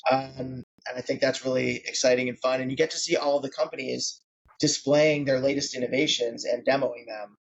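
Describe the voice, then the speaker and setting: A man's voice: mid-range voice, level tone, moderate pace, creaky, husky, highs cut off. A man in his late forties, a founder being interviewed on a podcast, talking conversationally with many fillers. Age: 40s. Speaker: guest founder.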